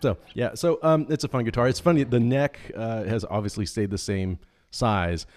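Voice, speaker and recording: A man's voice: mid-range voice, normal speed. A man hosting a live online guitar show, upbeat and joking, with frequent ums. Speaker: host.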